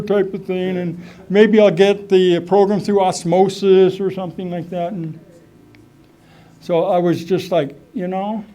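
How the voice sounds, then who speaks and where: Rambling middle-aged man telling his story. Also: sits high. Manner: rambling, animated, full of fillers and asides. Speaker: speaker at a recovery meeting. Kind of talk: personal testimony, casual storytelling.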